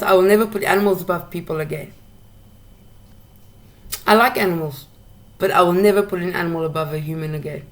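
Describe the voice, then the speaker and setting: A woman's voice: fairly low pitch, moderate pace, pauses often, a bit bright. A woman hosting a solo talk show, ranting bluntly with lots of swearing and repeated words as she gets heated. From South Africa. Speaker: podcast host ranting solo. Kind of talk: casual monologue rant.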